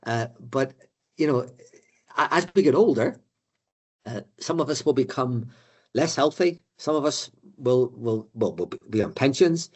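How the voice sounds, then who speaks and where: Older male lecturer with a husky voice and a chatty, halting delivery, for a business course. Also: medium pitch, expressive, a little mellow. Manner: conversational, many fillers and repeated words. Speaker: economic adviser lecturing finance directors. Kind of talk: live presentation to an audience.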